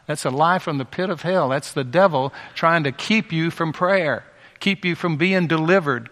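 Bright-voiced preacher man in a reverberant hall. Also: a little high. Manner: impassioned, emphatic repetition. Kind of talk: sermon.

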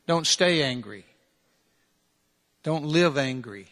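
Earnest preacher in a reverberant hall. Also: male voice, a little high, lively intonation, takes it slowly, fairly bright tone. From United States. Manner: earnest, direct preaching full of repeated challenges and rhetorical questions. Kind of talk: sermon.

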